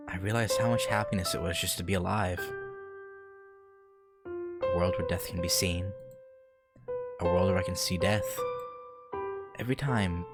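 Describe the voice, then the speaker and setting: A man reading a visual novel aloud, earnest and slow, breaking off for joking asides. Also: low voice. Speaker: let's play host. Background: loud piano music.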